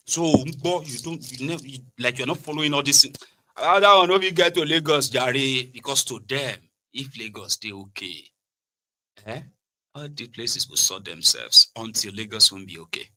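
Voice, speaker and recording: With a Yoruba-inflected accent, a Nigerian speaker delivers spirited political commentary, shifting across three languages (Pidgin, Yoruba, and English) and mimicking people in mockery. His voice is medium-pitched and his pace moderate.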